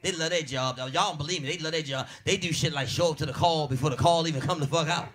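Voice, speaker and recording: A man with a Baltimore accent doing a loud, brash, profane stand-up comedy set in a diner. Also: fairly high pitch, quick pace. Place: diner comedy show with live audience. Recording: noisy crowd in a diner. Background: audience laughter.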